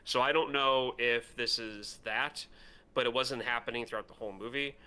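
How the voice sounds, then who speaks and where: Guy on a movie podcast, super bright clear voice, lots of ums and likes. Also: medium pitch, fairly even intonation, moderate pace. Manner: rambling, filler-heavy, laughs easily. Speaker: podcast co-host. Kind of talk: casual movie review chat.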